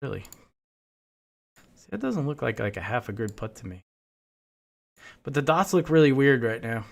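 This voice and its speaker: A man of ordinary pitch chats casually while he plays a game on stream. He tells long, rambling stories and swears freely along the way. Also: sing-song, normal speed, creaky. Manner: profane, rambling storytelling. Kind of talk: casual chat while playing.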